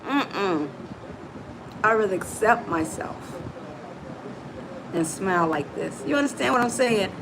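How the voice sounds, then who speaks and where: A woman's voice: medium pitch, animated, a little slow, gravelly, pauses often, background noise. A middle-aged woman hosting a live motivational talk, emphatic and preachy, calling her listeners "baby". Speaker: motivational coach and host.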